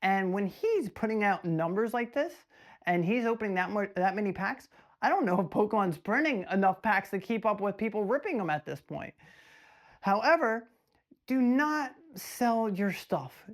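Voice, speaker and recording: A man hosting a casual vlog about trading cards, talking straight to the camera. He keeps it lively and rhetorical, tells stories and trips over his words with quick restarts. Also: high voice. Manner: animated, rhetorical, storytelling with many restarts. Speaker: trading card collector vlogger.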